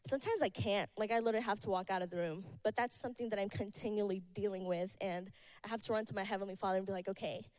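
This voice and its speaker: A woman's voice: medium pitch, darkish tone, dry recording, poor audio. Woman, heartfelt church testimony, emotional yet encouraging, dry recording. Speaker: church member giving testimony.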